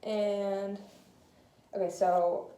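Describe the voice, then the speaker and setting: A woman's voice: medium pitch, little pitch movement, drawn-out words, mellow. A woman talking through a clinical nerve exam in a hesitant way, with many fillers, in an echoey room. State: slightly out of breath. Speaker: student doing a clinical neuro exam. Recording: echoey room, faint noise.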